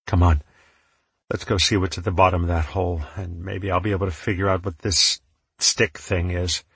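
A man reading an audiobook, voicing the kind, concerned young companion Tallow in a gentle, steady voice. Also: deep voice, normal speed, gravelly, breathy edge, dry recording, exaggerated voice. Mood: coaxing.

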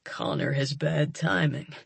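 A woman doing a gruff, guilt-ridden lover. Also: dry recording, full character voice. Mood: intense. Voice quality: gruff, low and husky. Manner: slow, quiet and intense. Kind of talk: audiobook narration.

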